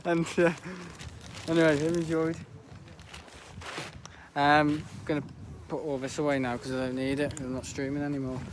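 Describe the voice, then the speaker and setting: A man's voice: a little high, little pitch movement, normal speed, long pauses, noisy background. A teenage boy livestreaming outdoors at an airport viewing park, chatting casually about the planes, rambling and laughing often. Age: teens. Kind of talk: casual live commentary.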